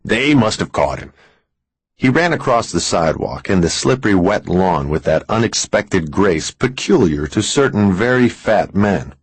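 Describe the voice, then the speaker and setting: A man reading a thriller audiobook in a measured, expressive storytelling manner. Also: low-pitched, husky, no room sound. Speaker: audiobook narrator. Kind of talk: scripted thriller narration.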